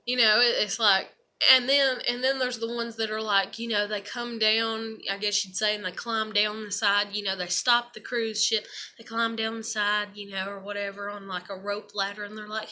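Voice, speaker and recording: A woman talks straight to camera in a rambling, unfiltered monologue. Her voice sits a bit high and has a bright, forceful edge. She swears freely and keeps circling back with "you know" and "I'm like". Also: moderate pace. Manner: frank and profane, rambling with many fillers. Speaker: vlogger. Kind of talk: casual personal monologue.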